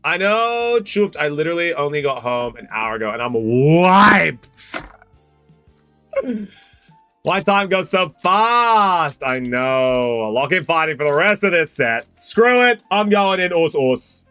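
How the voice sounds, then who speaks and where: A man streaming as he opens card packs, joking and chatting with viewers by name. His voice is bright and slightly high, and it swings around a lot as he talks. The mic is close and dry, with faint music playing behind him. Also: lively intonation, slow, clear, resonant tone, no echo. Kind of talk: casual live-stream chat.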